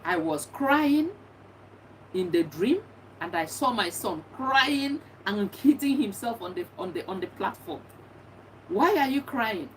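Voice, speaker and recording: A woman's voice: medium pitch, expressive, unhurried. A middle-aged woman, a bereaved mother, giving earnest and encouraging advice, often repeating herself. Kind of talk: personal testimony talk. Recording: distant mic with faint background noise.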